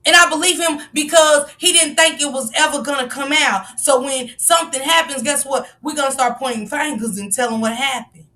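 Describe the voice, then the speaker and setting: A woman's voice: high-pitched, a little fast, few pauses, bright, forceful tone, far from the mic. A woman giving passionate live-stream commentary, firing off rhetorical questions and sometimes raising her voice. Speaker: livestream commentator.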